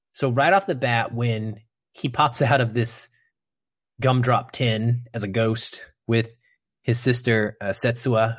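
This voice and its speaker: A man's voice: medium pitch, dry recording, studio quality. A man co-hosting a podcast, giving an earnest, emphatic film review in casual chat. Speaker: podcast co-host.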